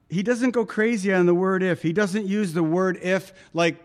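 A man's voice: high-pitched, fairly even intonation, normal speed, hardly any pauses. Conversational man preaching a sermon. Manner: conversational, dramatic quoting of voices.

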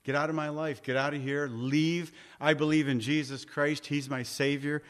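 A man's voice: a little high, little pitch movement, normal speed, fairly bright tone. A man preaching a sermon, conversational, often asking his listeners questions. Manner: conversational, asks the congregation questions. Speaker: pastor.

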